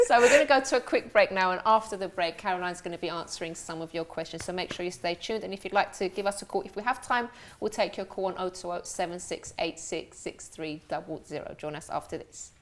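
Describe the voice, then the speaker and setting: A woman hosting a TV talk show, responding to a guest and introducing the breaks in a friendly, encouraging way. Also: fairly low pitch. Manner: friendly, encouraging, quick to laugh.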